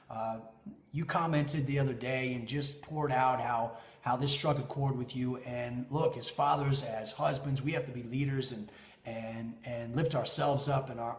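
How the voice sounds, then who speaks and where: A man in his thirties, a leadership coach, telling a motivational story to camera with big swings in pitch and loudness. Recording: echoey room.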